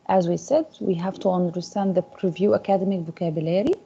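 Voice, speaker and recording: A woman's voice: on the low side, fairly even intonation, fast, gravelly, mellow, breathy edge. A woman teaching an English class, often checking in with her students by asking "Okay?". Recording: dull lo-fi classroom recording.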